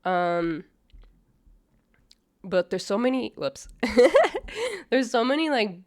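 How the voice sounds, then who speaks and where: A woman's voice: mid-range voice, expressive, slow pace, dry recording, clean studio sound. A young woman host with a slightly nasal voice from a cold, chatting casually and judgmentally through a reaction video with lots of fillers. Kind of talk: casual commentary.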